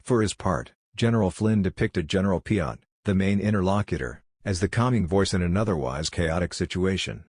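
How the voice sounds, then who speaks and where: A man reading a government report aloud in a steady, measured way. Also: low-pitched, husky, dry recording, studio quality. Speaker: report reader.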